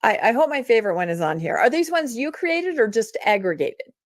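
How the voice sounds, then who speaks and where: A woman calling in to a casual chat over a video call, laughing easily and quick to agree. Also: a little high, big pitch swings, dry recording, clean studio sound. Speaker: caller.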